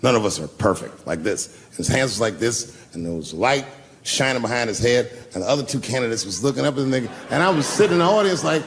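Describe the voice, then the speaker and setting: A man in his fifties telling stories in a stand-up comedy set, animated and acting out the people in them with big jumps in pitch, recorded live in a large theater. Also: quick pace. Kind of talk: stand-up storytelling.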